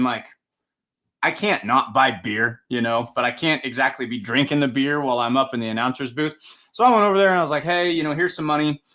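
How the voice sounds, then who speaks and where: A young man, a pulling-event announcer, chatting casually on a podcast and telling a lively story. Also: mid-range voice. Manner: lively storyteller, acts out voices.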